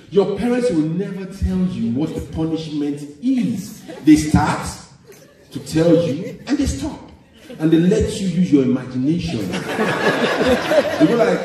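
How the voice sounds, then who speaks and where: A man from Nigeria with a Nigerian accent, performing a stand-up comedy set and mimicking parents and children in squeaky voices. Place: large theater stage. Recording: echoey live hall from a distance, loud crowd laughter.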